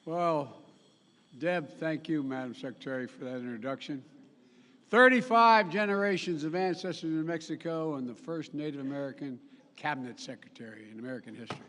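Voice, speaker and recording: A man's voice: fairly high pitch, fairly quick, fairly bright tone, a little hiss or hum. An older man giving a formal public speech to an audience, rambling and correcting himself, with folksy asides. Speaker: head of state giving a speech. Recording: live speech with long hall reverb.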